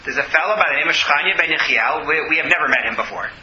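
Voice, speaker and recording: A man's voice: on the high side, very fast, crowd noise. A man teaching a scripture study class, reading verses aloud, translating and explaining them, and taking questions from his students. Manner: reads Hebrew verses then translates, explains and takes questions. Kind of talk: text study lecture with questions. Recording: dull, roomy classroom audio.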